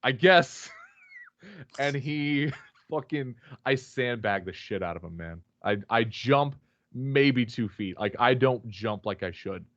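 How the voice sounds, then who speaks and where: A man's voice: medium pitch, lively intonation, slow pace, fairly bright tone, no room sound, dull audio. A man guest on a remote call, telling a rambling, swear-filled story with many fillers and restarts. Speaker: podcast guest, wrestler. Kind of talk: casual storytelling chat.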